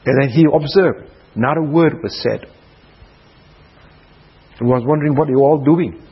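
A man preaching a sermon at a prayer retreat, dramatic, dropping to soft hushed passages. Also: medium pitch, moderate pace, slightly rough, dull audio.

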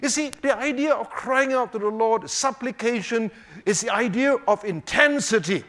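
A man teaching a sermon on the Psalms, swinging between emphatic rhetorical questions and hushed, quiet moments. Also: extremely high pitch, normal speed. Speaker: preacher.

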